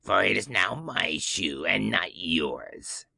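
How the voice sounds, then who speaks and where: A man's voice: low voice, very animated, gravelly, pushed and bright, voice pushed down, full character voice. A man doing a shrieking wicked old witch. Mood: gloating. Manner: wailing, slow and drawn out.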